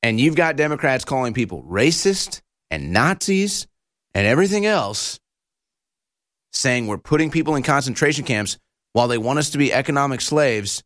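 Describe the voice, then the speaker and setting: A man's voice: medium pitch, expressive, normal speed, fairly bright tone, no echo, studio quality. Combative ranting male commentator. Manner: combative, insulting, heated. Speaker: political commentary host.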